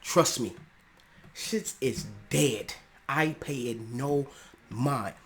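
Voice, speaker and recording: A young man hosts his own podcast, talking straight from the heart with loose, slangy phrasing. He builds from calm reflection to fiery emphasis and keeps clearing his throat. His voice sits at a middle pitch over a faint hiss of background noise. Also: very slow. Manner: earnest, passionate, rising to emphatic outbursts; casual slangy speech with restarts. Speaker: podcast host. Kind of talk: personal monologue on mental health.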